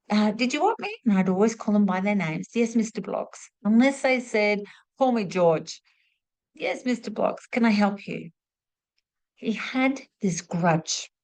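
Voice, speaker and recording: A woman's voice: medium pitch, darkish tone, rough recording. A middle-aged woman giving a spiritual teaching talk, reflective and repeating key phrases for emphasis.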